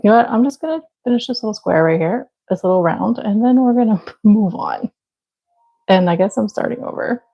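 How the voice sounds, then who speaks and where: Young woman, live craft-stream host; husky, low-lit mellow voice, casual and self-deprecating. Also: brisk, low-quality recording. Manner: chatty, self-deprecating, talks to viewers while working. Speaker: livestream crochet host.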